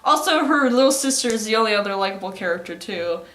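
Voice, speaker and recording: A woman's voice: medium pitch, lively intonation, fast, fairly bright tone. A young woman casually recapping an anime in a rambling, sarcastic, crude way. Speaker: vlogger. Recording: roomy echo.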